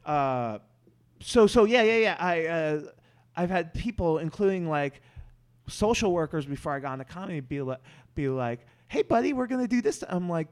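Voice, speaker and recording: Man, podcast guest, rambling casual talk, stammers and restarts, voice a little high. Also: normal speed, clean tone.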